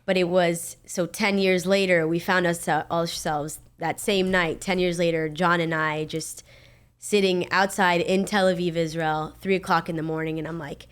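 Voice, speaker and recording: A woman with a lowish voice speaks as a podcast guest. She tells a personal family story openly and sincerely, in a casual, unscripted way. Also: steady tone, moderate pace, clean tone. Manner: open, heartfelt, affirming.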